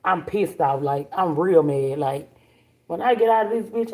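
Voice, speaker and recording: Woman hosting a live stream; blunt, animated storyteller who swears freely. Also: on the low side, normal speed. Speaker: livestream host. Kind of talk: casual storytelling to viewers.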